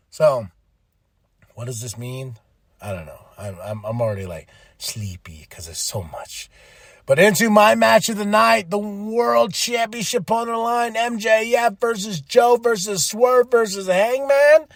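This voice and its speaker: Excitable man with a dry podcast sound. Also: medium pitch, dry recording. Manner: excitable, rambling, profane. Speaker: podcast host. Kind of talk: casual recap chat.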